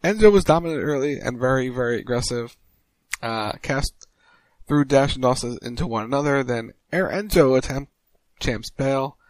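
A man co-hosting a casual podcast, recapping wrestling moves in quick play-by-play style. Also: animated, no room sound, rough recording. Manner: rapid recap, mimics crowd chants in a higher voice.

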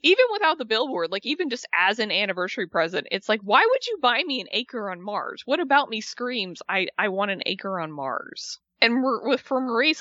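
A woman co-hosting a casual chat, recapping a show with lively retellings and quoted voices. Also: mid-range voice, no room sound, lo-fi sound. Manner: animated retelling, acting out the people she quotes. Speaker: podcast co-host recapping a reality show.

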